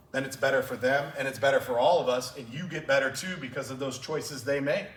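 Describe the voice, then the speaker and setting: A man's voice: medium pitch, a bit bright. A male track and field coach giving a conference talk, telling emotional stories from his coaching. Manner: emotional storytelling. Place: clinic session room. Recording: roomy hall from a distance.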